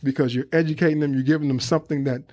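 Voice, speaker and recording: A man hosting a relaxed podcast conversation, his voice sitting a little higher than most men's. He talks in an easygoing, encouraging way and often restarts his sentences. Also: very fast. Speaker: podcast host. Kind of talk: casual podcast chat.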